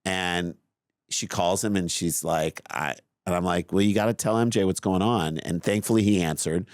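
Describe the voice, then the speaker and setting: A middle-aged man co-hosting a podcast, telling a long story in a lively, self-mocking way. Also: sits low, moderate pace, dry recording, studio quality. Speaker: podcast co-host. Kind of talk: casual chat, storytelling.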